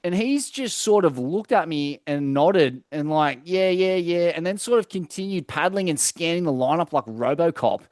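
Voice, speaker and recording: A young Australian man chats loosely on a podcast, peppering his stories with swearing and filler words. His voice sits a little high, and it is recorded close and dry with no room sound. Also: lively intonation, normal speed, hardly any pauses, no room sound. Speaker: podcast co-host. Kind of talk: casual chat.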